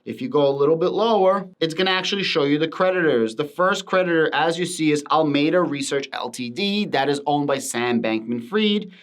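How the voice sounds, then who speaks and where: A man's voice: a little high, fairly quick, hardly any pauses. A man talking through a finance topic on his channel in an emphatic commentary style, repeating words for stress. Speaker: crypto finance YouTuber. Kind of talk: casual commentary to camera.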